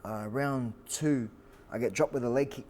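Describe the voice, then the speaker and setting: An Australian man in his forties tells a long story as an interview guest, animated and full of fillers and restarts. His voice sits at an ordinary pitch for a man, with a faint hiss of background noise. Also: normal speed. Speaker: guest, fighter.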